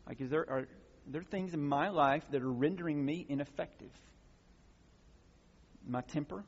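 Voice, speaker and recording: A man's voice: fairly high pitch, moderate pace, slightly rough. A man preaching a sermon as pastor, explaining a passage in a teaching way and building to emphatic exhortations. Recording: muffled sound with long hall reverb.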